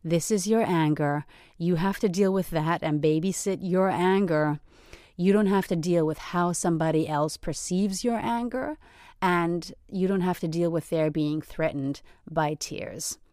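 Low-voiced woman doing a solo podcast, earnest and emphatic, dry close mic. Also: unhurried, mellow, dry recording. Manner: earnest, emphatic, often asks "right?". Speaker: podcast host. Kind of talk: reflective solo podcast talk.

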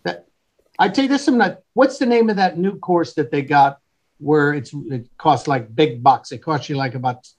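A man in middle age hosts a loose, joking conversation, and his voice sits high. He keeps teasing the others and restarts his thoughts halfway through. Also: moderate pace. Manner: teasing, restarts mid-sentence. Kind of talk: joking casual chat.

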